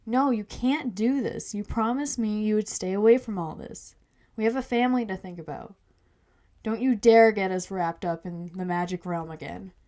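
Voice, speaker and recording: A woman's voice: mid-range voice, moderate pace, darkish tone, natural voice. Woman doing a fretful mom protecting her family, urgent, storybook reading. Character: anxious protective mother.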